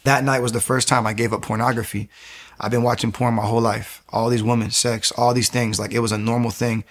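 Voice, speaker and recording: A man giving an emotional personal testimony as an interview guest, telling his story quickly and acting out what people said. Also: mid-range voice. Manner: fast, animated storytelling, acting out quotes.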